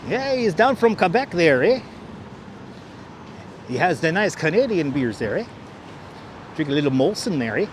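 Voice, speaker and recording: A man's voice: a little high, very animated, moderate pace, pauses often, slight background noise. A man putting on the voice of an easygoing French-Canadian beer lover, drawing out each line and ending it with a tag question. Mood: joking.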